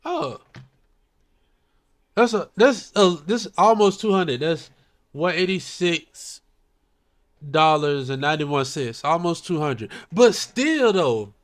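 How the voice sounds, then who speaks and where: Slightly high-voiced man thinking out loud. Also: big pitch swings, slow pace, long pauses. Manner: thinks out loud, working through numbers. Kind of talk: casual chat.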